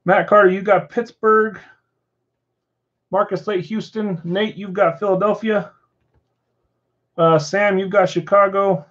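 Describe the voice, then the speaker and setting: A man with a slightly high voice calls out names and team picks in a steady, list-like run during a card break. The stream audio is dull and lo-fi. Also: unhurried, pauses often. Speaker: card shop breaker assigning teams. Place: card shop.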